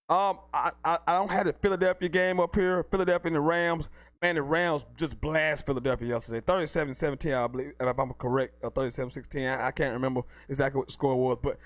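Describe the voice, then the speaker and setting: Man, live sports call-in host, hype-man energy, slightly high voice. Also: dry recording. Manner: hyped, repetitive, self-promoting.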